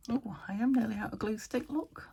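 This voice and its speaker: A British woman hosting a crafting vlog from an upstairs room at home, rambling and talking to herself as she works, often trailing into soft murmurs. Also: fairly high pitch, brisk, vocal fry, slightly rough. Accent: British English. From United Kingdom. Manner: rambling, talks to herself while working, drops into soft murmurs. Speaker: crafting channel host. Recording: home recording with noticeable background noise.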